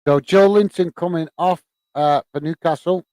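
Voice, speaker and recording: Man from the UK, football stream host, chatty, laughing, fairly high voice, smooth and clear, dry close mic. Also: moderate pace, dark tone, dry recording. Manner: chatty, laughs often, lots of "uh" fillers, calls viewers "mate". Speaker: host of a football watch-along. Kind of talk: casual live-stream chat, reading comments aloud.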